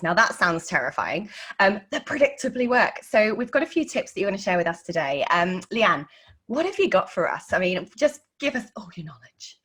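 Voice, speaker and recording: A woman's voice: mid-range voice, a bit bright, breathy edge. A woman hosting a podcast interview, chatting casually and animatedly, often laughing and acting out little quotes. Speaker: podcast host.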